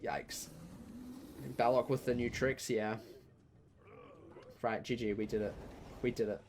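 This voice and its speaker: A young man, chatting casually through a live-streamed game, joking and breaking into loud outcries. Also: medium pitch, fairly even intonation, measured pace, a little hiss or hum. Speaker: gaming streamer.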